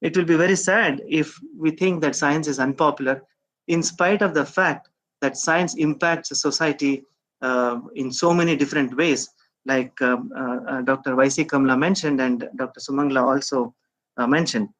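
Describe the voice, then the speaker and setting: A man's voice: fairly high pitch, moderate pace, a bit bright, rough recording. A middle-aged man gives a conference talk, thinking aloud with many hesitations and rhetorical questions. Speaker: speaker at a science outreach event.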